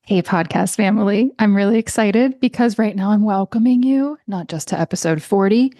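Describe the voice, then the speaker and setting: A woman from the United States hosts her own casual solo podcast from a small room at home, speaking at normal speed in studio-quality audio with no room sound. Her manner is warm and chatty, and she lapses into high baby-talk to her cat.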